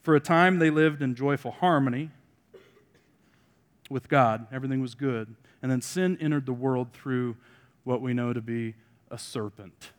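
A man preaching a sermon to a congregation, mixing joking asides with loud emphatic points and quiet remarks. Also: medium pitch, moderate pace, in a large hall. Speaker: pastor.

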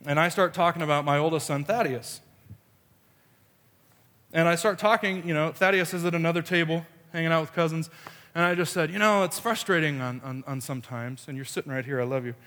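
A man's voice: on the high side, steady tone, brisk, a bit bright, in a large hall. A man preaching a sermon, telling a family story with playful quoted voices. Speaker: pastor.

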